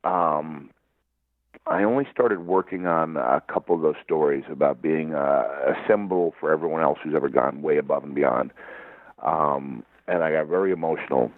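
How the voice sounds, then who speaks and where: A man's voice: extremely low pitch, moderate pace, no room sound. A man telling stories as an interview guest, rambling and laughing often. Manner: rambling storyteller with frequent laughs. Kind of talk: casual interview chat. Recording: tinny phone-like line.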